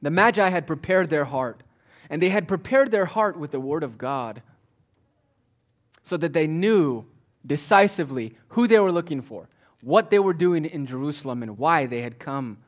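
A pastor preaching a sermon, moving between forceful declarations and quiet, almost whispered asides. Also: male voice, a little high, lively intonation, normal speed. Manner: swings from loud declaring to hushed near-whispers.

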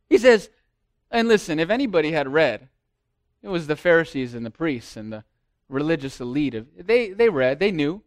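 High-voiced man preaching a dramatic sermon. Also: lively intonation, moderate pace, no room sound, studio quality. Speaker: pastor.

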